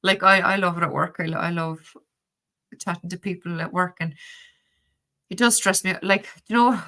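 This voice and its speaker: A woman's voice: lowish voice, steady tone, moderate pace, pushed and bright. A middle-aged woman with a Cork Irish accent, chatting casually on a livestream, telling stories with lots of fillers and restarts. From Ireland. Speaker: livestream host reading tarot.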